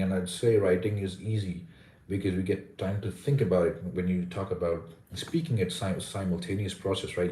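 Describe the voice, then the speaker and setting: A man with a deep, low voice and an Indian accent, answering viewers' questions on a live stream. He talks casually, with plenty of restarts and repeated words. The voice sits a little back from the mic in an echoey room. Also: warm tone, far from the mic. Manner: reads out comments, hesitant restarts and repeated words. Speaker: livestream host teaching English pronunciation.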